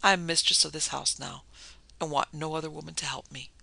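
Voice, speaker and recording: A man voicing a young woman, soft, low and earnest. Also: steady tone, brisk, creaky, slightly rough, dry recording, full character voice. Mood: tender. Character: gentle, sorrowing young woman.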